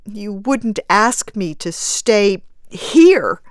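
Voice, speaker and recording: A woman reading aloud, voicing a distraught young mother grieving her lost daughter, slow and pleading in a raised, strained voice. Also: medium pitch, big pitch swings, dry recording, clean studio sound. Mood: anguished. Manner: pleading, breaking, slow and anguished.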